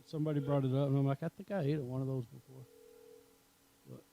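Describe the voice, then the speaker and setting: A man's voice: mid-range voice, fairly even intonation, fast talker, vocal fry, warm tone, rough recording. A man, co-hosting a podcast in casual chat, rambling and crude in his jokes. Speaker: podcast co-host.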